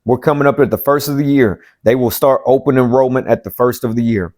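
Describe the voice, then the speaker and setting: A plain-spoken man at a middle pitch talks like a life coach, swearing freely and pressing the same points again and again. His delivery is blunt and emphatic, the rhythm of a motivational pep talk. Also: fairly even intonation, a little fast, darkish tone. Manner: blunt and profane, hammering points by repetition. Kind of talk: motivational self-help talk.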